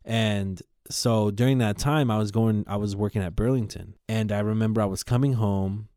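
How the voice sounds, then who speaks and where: Male podcast host, low mellow voice, profane rambling storyteller. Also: normal speed, clear, resonant tone, no echo, clean studio sound. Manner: rambling, profane, animated retelling.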